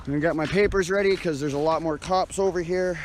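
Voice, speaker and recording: A man's voice: a little high, steady tone, fast. Breathless man streaming from a noisy street. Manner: rambling, with frequent fillers and restarts. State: out of breath, sighing. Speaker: live streamer. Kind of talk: casual live-stream chat. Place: outdoors on a frosty night street. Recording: street noise and passing traffic.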